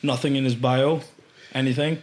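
An Icelandic man, a podcast guest, telling casual stories with lots of swearing and loud acted-out quotes. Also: mid-range voice, normal speed. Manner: animated, swearing, acts out quotes loudly. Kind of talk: casual storytelling chat.

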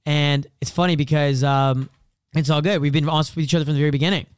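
A man's voice: fairly high pitch, steady tone, fast talker, clean tone, dry recording. A young man chatting as a podcast co-host, telling crude stories bluntly and acting out quotes. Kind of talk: casual chat.

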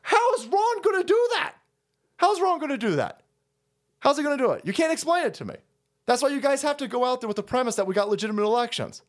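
High-pitched man in a profane political rant. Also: very animated, fast. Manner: heated, profane, repetitive ranting with sarcastic mock quotes. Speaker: political stream host.

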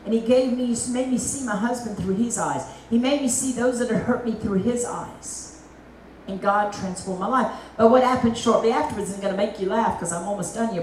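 A middle-aged woman evangelist gives a lively testimony sermon, full of folksy asides. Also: mid-range voice, slight background noise. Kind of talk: testimony preaching. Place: church meeting hall. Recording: echoey hall, mic at a distance.

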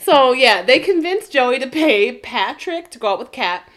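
A woman's voice: high-pitched, animated, measured pace, fairly bright tone. A young woman co-hosting a podcast in casual chat, teasing her co-host and laughing often.

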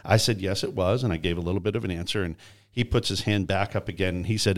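A man hosting a podcast interview, telling a story in a lively way and acting out the quoted voices. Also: low-pitched, fast talker. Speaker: podcast host.

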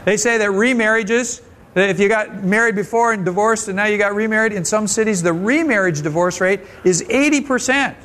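Folksy, higher-voiced man preaching. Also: brisk, fairly bright tone. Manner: conversational and folksy, frequent restarts. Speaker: pastor. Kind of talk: sermon. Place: church service.

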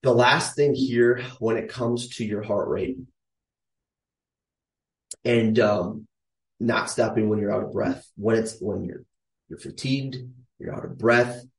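A man's voice: lowish voice, a little mellow. A man in his thirties coaching on strength training in a casual, emphatic way, repeating his key points. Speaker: fitness coach. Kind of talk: casual instructional talk to camera. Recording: echoey room, voice from a distance.

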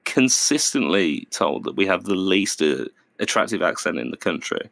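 A man with a Birmingham English accent hosting a casual podcast chat, halting and restarting as he talks. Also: low-pitched, very animated, gravelly, fairly bright tone, dry recording. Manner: hesitant, full of restarts.

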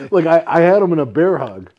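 Mellow-voiced laughing man telling a story. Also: a little high, highs cut off. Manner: animated, profane, laughing while telling a story. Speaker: podcast co-host. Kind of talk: casual chat, storytelling.

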